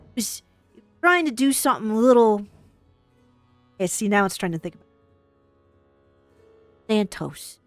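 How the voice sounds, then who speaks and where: Her mid-range voice comes through with no echo as she reads game text aloud and banters playfully on stream, calling herself by the third person.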